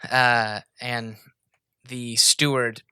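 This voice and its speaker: A man narrates a tabletop game as game master, stopping to correct himself as he describes the scene. His voice is bright and the recording dry and close. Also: mid-range voice, level tone, very slow, smooth, no room sound. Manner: rambling, self-correcting narration.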